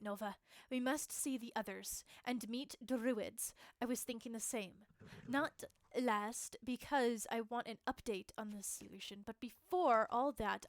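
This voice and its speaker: A woman's voice: fairly high pitch, a little slow, no echo. A woman streamer reading aloud the lines of a shaken but determined young woman rider from a game, putting on an accent. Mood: tired. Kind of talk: dramatic game dialogue read-aloud.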